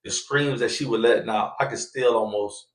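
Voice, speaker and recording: A man telling a story on a casual podcast, acting out the people he quotes in loud, raised voices. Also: on the low side, normal speed. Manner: animated, acts out quoted voices loudly. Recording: echoey room.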